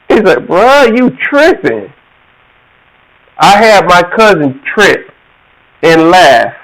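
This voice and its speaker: Man in his forties, high lively voice, slow storytelling, laughs a lot. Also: rough recording. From Georgia, USA. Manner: animated, laughs often, acts out quoted voices. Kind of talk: casual storytelling monologue.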